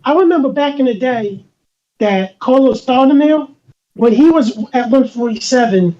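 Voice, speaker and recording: A woman's voice: high-pitched, animated, normal speed, dark tone, dull audio. A woman in casual podcast chat, explaining a point step by step with hesitant starts.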